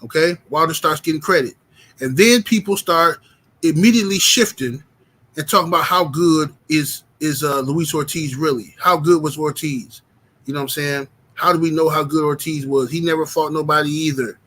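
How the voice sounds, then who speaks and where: A man's voice: a little high, normal speed, a bit bright. A man hosting a boxing commentary livestream, arguing emphatically, greeting chat and often checking in with "right?". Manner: emphatic and argumentative, keeps asking "right?".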